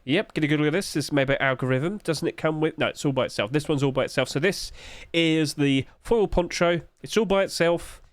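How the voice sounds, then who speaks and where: Man, casual commentary host, chatty, rhetorical questions, higher pitch, dry close sound. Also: a little fast, dry recording. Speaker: host reviewing game skins.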